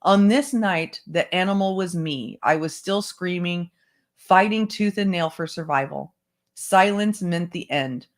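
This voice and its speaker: A book club host reading a memoir aloud at a measured pace, with brief asides to listeners. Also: medium pitch. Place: home setup, online stream.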